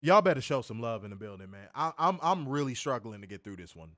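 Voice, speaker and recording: Man, mid-pitched, sarcastic exasperated podcast co-host, dry close sound. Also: sing-song, fast, pushed and bright, no echo. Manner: exasperated, profane, sarcastic, addresses listeners as y'all. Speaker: podcast co-host reviewing wrestling. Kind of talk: casual ranting review.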